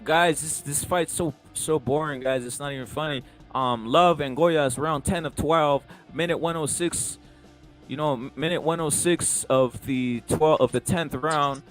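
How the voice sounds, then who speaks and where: A man hosting a casual live boxing reaction stream, talking loosely with profanity and excited banter. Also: on the high side, measured pace, faint music behind. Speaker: host.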